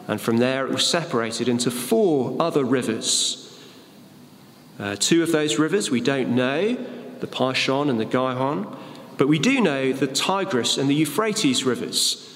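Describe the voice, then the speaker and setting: A man's voice: a little high, a bit bright. A man preaching a sermon, reading Bible verses and explaining them with fillers and a joke. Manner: expository, with fillers and a told joke. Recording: echoey hall with long reverb.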